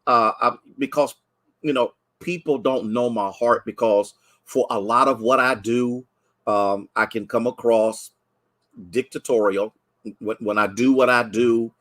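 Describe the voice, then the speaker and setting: A man's voice: medium pitch, steady tone, measured pace, fairly bright tone. A man from Ohio speaking as pastor in a livestreamed noon Bible study, talking conversationally, greeting viewers by name, restarting sentences and at times near tears. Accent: Ohio, Midwestern American. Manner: emotional, close to tears at times.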